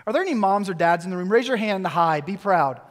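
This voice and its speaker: A man in his thirties preaching a sermon in a church, telling a story with quick, lively asides. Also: high-pitched. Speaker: pastor. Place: church sanctuary. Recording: long church hall reverb.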